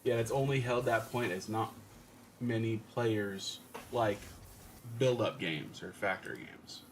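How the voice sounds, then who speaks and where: Man, low voice, casual gaming stream chat, reads chat aloud, explanatory. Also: a little slow, a little hiss or hum. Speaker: co-host reading chat.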